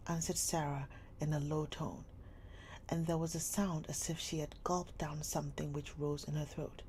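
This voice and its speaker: A woman reading a classic novel aloud live, slow and soft, often dropping near a whisper, with a faint hum behind. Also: low-pitched, fairly even intonation.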